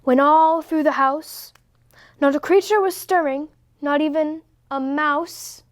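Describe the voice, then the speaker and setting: A woman's voice: high voice, slow. A woman doing a stuffy, pompous bear. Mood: reciting. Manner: pompous, formal declaring. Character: stuffy proper male bear, stern and fussy.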